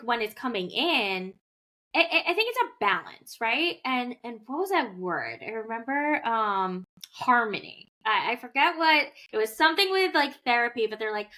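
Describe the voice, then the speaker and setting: Bright-voiced reflective woman co-host. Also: fairly high pitch. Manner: reflective, peppers speech with "like"; supportive, asks gentle questions. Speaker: podcast co-host. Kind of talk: casual spiritual chat.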